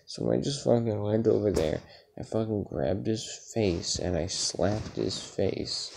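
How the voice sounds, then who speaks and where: A man's voice: on the low side, expressive, measured pace, creaky, a little mellow, a little hiss or hum. A tired young man retelling a dream in a casual, rambling, profane way. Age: young adult. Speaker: vlogger.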